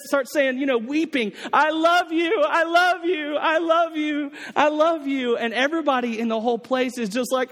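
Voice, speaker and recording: High-voiced man preaching in a reverberant hall. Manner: storytelling, animated quoted voices, many restarts. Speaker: pastor. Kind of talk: sermon.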